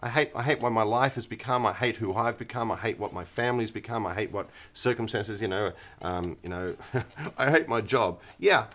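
A man's voice: fairly low pitch, normal speed, few pauses, fairly bright tone. Chuckling man teaching the Bible. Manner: chuckles often, acts out quoted voices. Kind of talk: casual Bible teaching chat.

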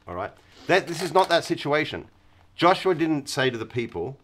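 A man's voice: on the high side, sing-song, moderate pace, fairly bright tone, slight background noise. A man teaching the Bible in a casual chat. He laughs often and acts out the voices of the people he quotes.

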